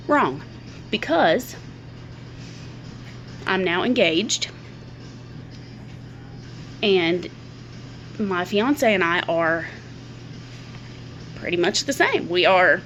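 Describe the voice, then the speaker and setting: A middle-aged woman talks openly to her camera in a fairly low voice, circling back over her words as she works through her thoughts. Faint music plays quietly under her speech. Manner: candid, repeats words while thinking aloud. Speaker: vlogger. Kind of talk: personal talk to camera.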